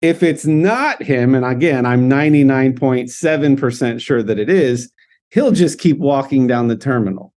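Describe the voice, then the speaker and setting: A man's voice: mid-range voice, normal speed. Laughing male podcast host telling stories. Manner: animated, laughs often, acts out dialogue. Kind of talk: casual storytelling chat.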